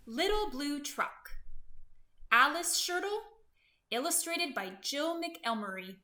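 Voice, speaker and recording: A woman reading a children's picture book aloud in an expressive, sing-song way. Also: high voice, slow. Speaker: storyteller. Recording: echoey room.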